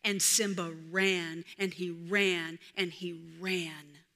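Woman preacher, storytelling sermon, slow, hushed to emphatic, bright tone, long hall reverb. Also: fairly low pitch, steady tone. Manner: dramatic, swinging from hushed whispers to loud emphatic peaks.

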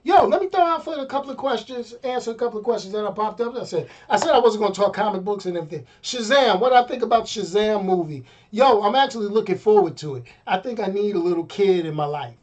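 A middle-aged man ranting on a casual live stream, animated and exasperated, often repeating himself. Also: high voice, fast talker, few pauses.

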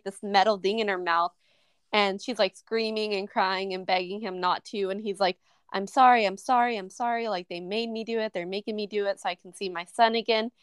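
A woman's voice: medium pitch, clear, resonant tone, dry recording. A woman co-hosting a podcast, casually recapping a horror movie scene by scene with lots of "um" and "like". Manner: recaps scenes at length with many fillers. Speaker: podcast co-host. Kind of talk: casual movie review chat.

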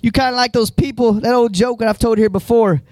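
A pastor with a very high-pitched, steady, slightly mellow voice preaches a conversational sermon in church at a brisk pace, with no echo. He retells scenes using voices and rises to emphatic, raised-voice points.

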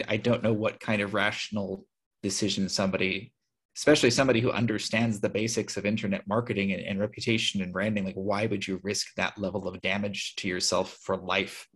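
A man's voice: fairly low pitch, fairly bright tone, breathy edge. An American man, a podcast guest, telling a story frankly and animatedly, acting out what other people said. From United States. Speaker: podcast guest, author and publisher. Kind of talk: casual interview talk.

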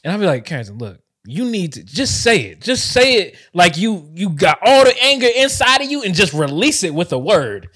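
A man from the DMV area of the US, co-hosting a podcast in casual chat, laughing often and swinging between soft and loud. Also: high-pitched, very animated, a little fast, hardly any pauses, husky. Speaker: podcast co-host.

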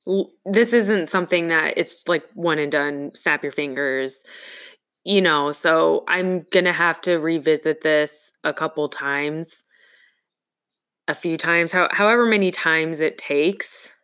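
A woman speaks slowly and with care, in a fairly low voice, as she tells a personal story. Her delivery is earnest and reflective, with halting pauses and restarts. The conversation is casual. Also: a bit bright.

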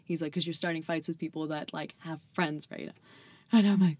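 A woman's voice: low-pitched, flat delivery, fairly quick, dry recording. A young adult woman in casual podcast chat, telling stories full of fillers and swearing and laughing often. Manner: filler-heavy storytelling, says "like" constantly, swears, laughs often. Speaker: guest.

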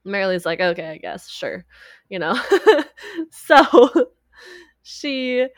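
A woman's voice: mid-range voice, slow pace, dry recording, clean studio sound. A woman co-hosting a podcast, casually recapping a movie and acting out the characters' lines with frequent laughs. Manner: animated retelling with quoted voices, frequent laughs. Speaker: podcast co-host.

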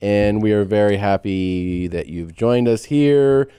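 A man's voice: on the low side, a little slow, warm tone, clear, resonant tone, dry recording. A man in his forties co-hosting a comedy podcast, joking crudely and mimicking voices for laughs. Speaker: podcast co-host. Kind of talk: casual comedic podcast banter.

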